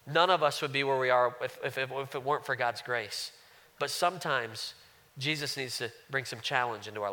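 A man's voice: medium pitch, sharp tone. A man in his thirties preaching a sermon in an earnest, conversational way, often restarting his words. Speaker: pastor.

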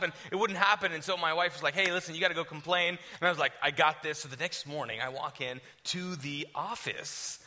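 A man preaching to his church, an energetic, joking storyteller who pokes fun at himself and later leads a prayer. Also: high voice. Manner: energetic, joking, self-deprecating; animated storytelling. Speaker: pastor. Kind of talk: sermon and prayer.

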